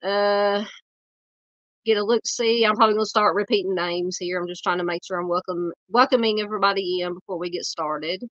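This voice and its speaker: Southern woman streamer with a cold, nasal and scratchy, earnest and halting, dull lo-fi laptop sound. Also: medium pitch, fairly even intonation, fairly bright tone, dry recording. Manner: earnest, halting, many fillers, greets chat by name. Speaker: true crime livestream host. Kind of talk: casual livestream talk.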